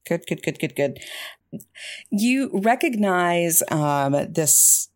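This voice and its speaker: A woman running a tabletop horror game as game master, explaining things in a relaxed way. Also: on the low side, takes it slowly.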